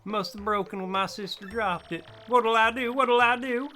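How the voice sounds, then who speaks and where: A man's voice: high voice, normal speed, bright, forceful tone, soft background music, voice pushed up. A man voicing a timid young shadow girl from a video game who frets about being punished. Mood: fretful. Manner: pleading, worried.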